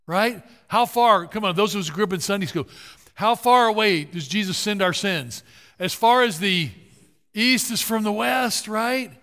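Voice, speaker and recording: A male pastor preaching a sermon, dropping low and quiet for stories and then rising into loud, rallying calls to get up. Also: moderate pace. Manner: swings from hushed storytelling to loud rallying calls. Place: large church hall. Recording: long hall reverb.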